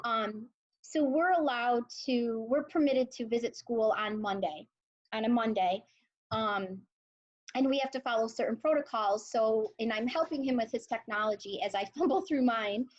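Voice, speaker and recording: Earnest woman teacher, slightly high voice. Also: moderate pace, muffled recording. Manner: emotional, earnest storyteller with many fillers. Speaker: high school English teacher, guest. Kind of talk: conversational interview.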